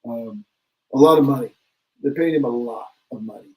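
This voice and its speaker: On a casual sports talk show, this male podcast co-host hops between opinions, laughs easily, and reads listener comments aloud. His voice is mid-range at a moderate pace, and the audio quality is poor.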